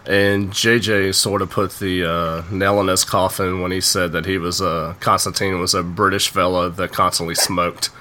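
A sick man on a casual podcast panel, joking gruffly and swearing freely. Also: deep voice, flat delivery, normal speed, few pauses, sharp tone, a little hiss or hum.

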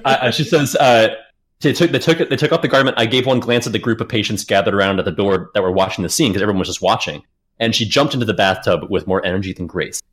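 A man's voice: lowish voice, fast, fairly bright tone, slightly rough. A man hosting a casual podcast, retelling a story, reading passages aloud and swearing casually. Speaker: podcast host.

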